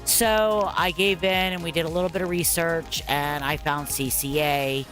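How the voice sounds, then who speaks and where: Over gameplay, a woman in her forties, a parent, rambles through a long personal story in a low, steady voice with a fairly bright tone at a moderate pace. She's candid and casual, full of fillers, asides and "blah, blah, blah," with faint music behind her.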